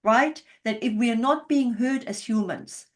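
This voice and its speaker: A woman therapist leads a group demonstration slowly and deliberately, pausing to check her understanding. Her voice sits fairly high, and her tone stays gentle and validating throughout. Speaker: couples therapist.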